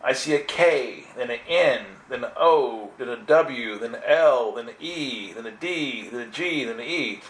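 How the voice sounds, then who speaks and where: A man giving an earnest, animated personal spiritual testimony, full of restarts. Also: mid-range voice, measured pace, hardly any pauses. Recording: echoey room.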